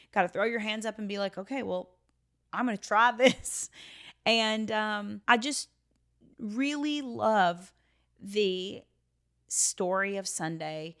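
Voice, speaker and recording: A woman in her thirties hosting a podcast, telling a personal story in an earnest, emotional way, often dropping into a hushed voice for quotes. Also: medium pitch. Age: 30s. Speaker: podcast host.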